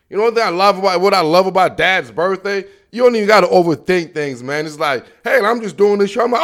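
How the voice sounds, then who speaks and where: A man hosting a solo football talk show, boastful and slangy, telling stories with animated asides. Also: sits high, fairly quick. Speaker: sports show host. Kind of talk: casual solo sports talk.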